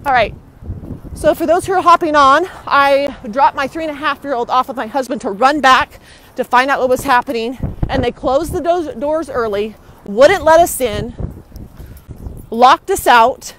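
A woman's voice: high-pitched, moderate pace, a bit bright, a little hiss or hum, low-quality recording. A young woman livestreaming on her phone outdoors, agitated and indignant, hurrying along and repeating herself. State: hurried, walking outdoors. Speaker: citizen livestreamer. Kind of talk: live phone stream. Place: outdoors near a courthouse. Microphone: phone held in hand.

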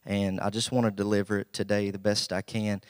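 A young male preacher with an Appalachian accent and a low voice, recorded dry and close. He talks in a folksy, humble way before rising into emphatic bursts. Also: little pitch movement, fairly quick, clear, resonant tone, no echo. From Southwest Virginia. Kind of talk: sermon.

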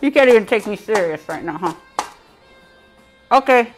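A woman's voice: medium pitch, animated, moderate pace, over music. A woman hosting a casual live cooking show, chatty and giggly, talking to her viewers with a piece of bread in her mouth.

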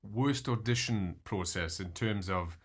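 A man hosting a podcast interview, asking relaxed questions and adding short backchannels. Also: lowish voice, measured pace, slightly rough. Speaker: podcast host. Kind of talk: casual interview chat.

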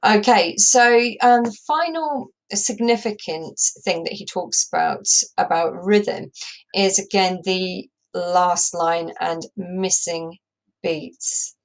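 A woman's voice: fairly low pitch, takes it slowly. A woman English teacher giving a recorded lesson over slides, explaining step by step and tapping out rhythms aloud with frequent ums. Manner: explanatory, says "um" a lot, taps out rhythms aloud.

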